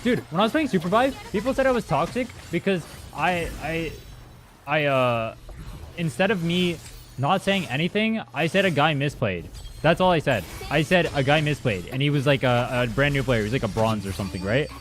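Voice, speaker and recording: A young man talks fast over his game stream, his pitch bouncing as he rambles and swears through replies to chat. Soft music plays faintly under his voice. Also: animated. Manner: rambling, profane, reads and answers chat. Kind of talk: casual livestream chat while gaming. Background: faint music from his playlist.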